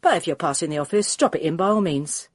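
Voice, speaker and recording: A woman's voice: deep voice, quick pace, slightly rough, no room sound, clean studio sound. A woman voicing an offhand, near-insolent young female office clerk in an audiobook.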